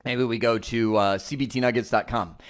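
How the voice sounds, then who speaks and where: A man teaching an online networking lesson, animated and playful, who acts out examples as he explains. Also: mid-range voice, fairly quick, clear, resonant tone. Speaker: IT instructor.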